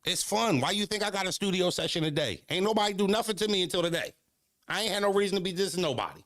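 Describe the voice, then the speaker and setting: A man who is a battle rapper, ranting casually to his live-stream chat, animated and repetitive, swinging from low mutters to high exclamations. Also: quick pace, no echo, clean studio sound.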